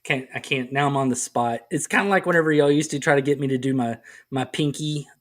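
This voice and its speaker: A male podcast co-host in loose, comedic conversation, his voice sitting at an ordinary middle pitch. He rambles through his stories, pokes fun at himself, and breaks into laughter often. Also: quick pace. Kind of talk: casual comedic chat. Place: podcast recording.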